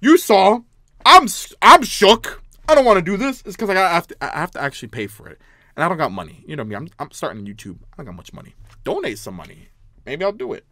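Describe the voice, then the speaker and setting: A man giving jittery let's play commentary on a horror game, shaken and easily spooked, yelling in fright and murmuring nervously between scares. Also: a little high, very animated, very fast, no room sound. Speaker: gaming YouTuber.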